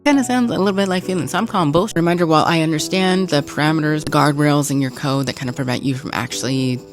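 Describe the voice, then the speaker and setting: A woman talking to camera in a casual, excitable vlog, swearing freely. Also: deep voice, fast talker. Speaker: social media creator. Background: music.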